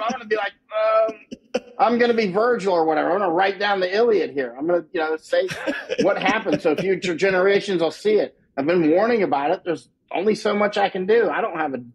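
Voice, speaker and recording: A husky man with a somewhat high voice talks as a guest in a casual interview. He is emphatic and repeats himself, and he often laughs at his own lines. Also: poor audio. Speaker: war correspondent guest.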